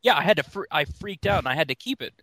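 A man's voice: on the high side, animated, quick pace, pushed and bright. A man telling casual stories on a podcast, rambling with fillers and restarts. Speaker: phone support worker.

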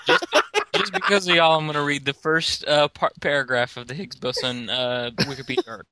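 A man's voice: fairly high pitch, steady tone, a little fast, bright, forceful tone, clean tone. A tipsy man who keeps hiccuping, chatting casually, swearing freely and rambling as he talks. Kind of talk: casual chat.

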